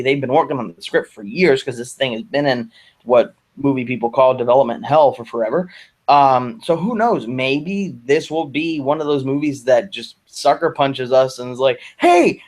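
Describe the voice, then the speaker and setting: Chatty man tossing in jokey asides. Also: medium pitch. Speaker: co-host of a movie discussion channel. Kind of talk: casual movie chat.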